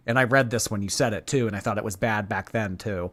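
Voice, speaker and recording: A man's voice: on the low side, fairly even intonation, fairly quick, few pauses, sharp tone. A man hosting a live stream, reacting to videos with sarcastic, teasing remarks and reading viewer messages.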